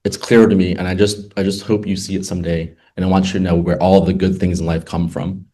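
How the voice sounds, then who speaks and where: This attorney talks fast in a low, mellow, flat voice while relating his faith testimony at a group meeting. He tells it like a casual story, performing the dialogue and tossing in plenty of asides.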